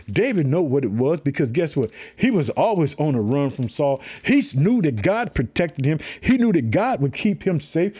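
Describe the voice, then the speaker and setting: Fervent preacher, husky and lively. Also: male voice, a little high. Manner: fervent, repetitive preaching with call-and-response. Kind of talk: sermon.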